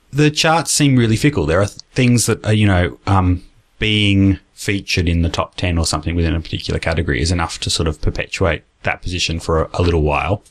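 South australian guy hosting a podcast, really low voice, chatty. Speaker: podcast host. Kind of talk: casual chat.

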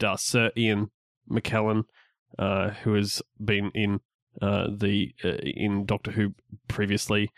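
A man's voice: on the low side, a bit bright, dry recording, clean studio sound. A man co-hosting a casual geek podcast, opening in an upbeat way, then rambling with many restarts. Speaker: podcast co-host.

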